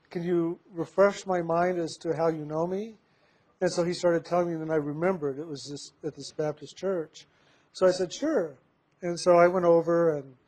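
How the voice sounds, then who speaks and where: Guy telling a story, lots of "he said, i said", slightly high voice. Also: mellow. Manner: recounts dialogue with many "he said" tags, slows down for emphasis. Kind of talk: storytelling anecdote.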